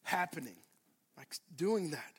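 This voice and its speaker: Guy preaching, pretty high voice, gets loud then drops real quiet, repeats stuff to the church. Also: lively intonation, measured pace, slightly rough, in a large hall. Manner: dramatic preaching, swinging from loud to hushed; addresses congregation directly, repeats phrases for emphasis. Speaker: pastor. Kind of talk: sermon.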